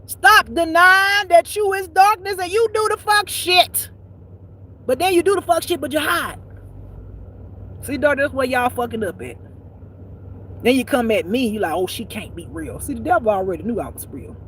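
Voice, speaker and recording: A woman giving a profane spiritual rant as a life teacher, blunt and preachy, swinging between loud outbursts and low muttering. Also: lively intonation, moderate pace, pauses often, slight background noise, poor audio. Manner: blunt and preachy, swearing freely.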